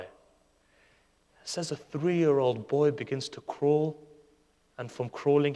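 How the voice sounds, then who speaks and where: A man preaching a sermon, retelling stories with passion, his voice surging loud and then dropping soft. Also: mid-range voice. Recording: long hall reverb.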